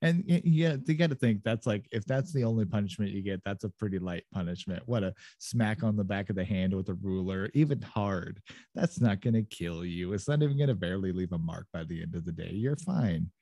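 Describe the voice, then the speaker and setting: A man's voice: on the low side, a little fast, warm tone, dry recording. Brief: male podcast co-host, easygoing rambler, frequent laughs, dry close mic. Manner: rambling, laughs often, loose storytelling. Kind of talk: casual podcast chat.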